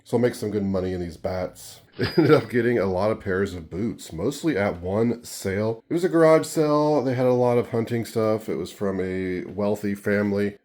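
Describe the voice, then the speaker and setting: A man talking through his thrift and garage sale finds in a casual, monotone way, with dry sarcasm. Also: on the low side. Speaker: reseller vlogger. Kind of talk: casual haul rundown.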